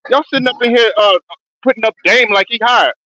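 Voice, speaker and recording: A man arguing loudly and profanely in a heated sports debate. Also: very high-pitched, a little fast, highs cut off, background noise. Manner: loud, argumentative, profane. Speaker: podcast co-host.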